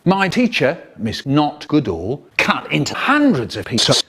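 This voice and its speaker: An older man reading a children's story aloud in a theatrical, expressive way, jumping into high squeaky voices for the characters and stretching words for effect. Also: a little slow, breathy edge. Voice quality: expressive, voices the characters with big pitch jumps. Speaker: storyteller in a spliced comedy edit.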